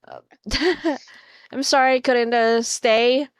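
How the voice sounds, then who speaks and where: A woman's voice: sits high, steady tone, slow, clear, resonant tone, no room sound, clean studio sound. A woman hosting a casual chat stream, teasing her guest, swearing casually and laughing often. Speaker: livestream host.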